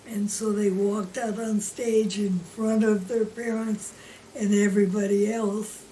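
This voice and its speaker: A woman recalling preschool memories in an interview, slow and gentle. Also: mid-range voice. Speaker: former preschool worker. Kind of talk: interview storytelling. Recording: distant mic, faint room noise.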